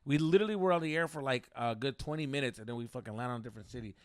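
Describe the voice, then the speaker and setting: Young male podcast co-host, mid-pitched, casual and profane, dry studio mic. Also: racing, smooth, dry recording. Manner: profane, animated, rambling with many fillers. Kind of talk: casual storytelling chat.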